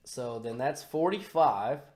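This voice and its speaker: Profane, excitable male podcast host. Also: medium pitch, takes it slowly. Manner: profane, excitable, bursts into shouts. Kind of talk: casual podcast chat.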